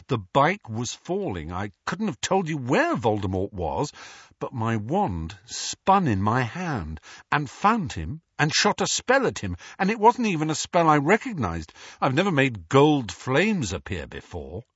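A man's voice: mid-range voice, wildly swooping pitch, measured pace, a bit bright, husky, dry recording, highs cut off, pitched above the performer's own voice, heavily acted. A man voicing a tense teenage boy wizard who speaks in an insistent, clipped way. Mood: flat, frustrated.

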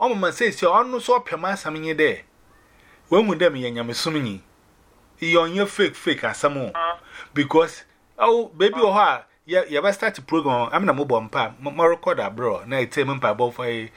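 Man, fairly high voice, animated storytelling, personal testimony. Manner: animated storytelling, mixing in English phrases.

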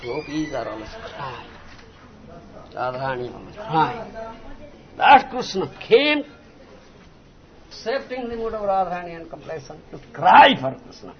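High-voiced slow guru prodding listeners. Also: male voice, sing-song. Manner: repetitive, emphatic, often asks "huh?". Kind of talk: devotional lecture with disciples. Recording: muffled noisy archival recording.

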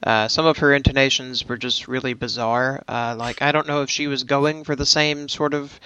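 A man's voice: mid-range voice, steady tone, moderate pace, sharp tone, clear, resonant tone. A man co-hosting a casual podcast discussion, talking with frequent hesitations and fillers. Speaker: podcast co-host.

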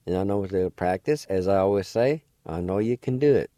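A man's voice: sits low, expressive, fast, warm tone, dry recording, studio quality. A man teaching a language lesson, patiently spelling out words letter by letter and sounding out syllables one at a time. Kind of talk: slow spelling and pronunciation lesson.

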